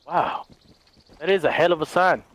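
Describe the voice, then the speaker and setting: A young man playing a co-op game, excitable, shouting and laughing often. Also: a little high, moderate pace, no echo. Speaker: gamer playing co-op. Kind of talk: excited gameplay banter.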